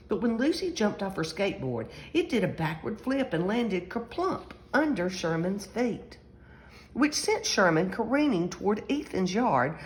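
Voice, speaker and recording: A woman reading a children's picture book aloud as a storyteller, animated, acting out the characters' shrieks and shouts. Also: mid-range voice, low-quality recording.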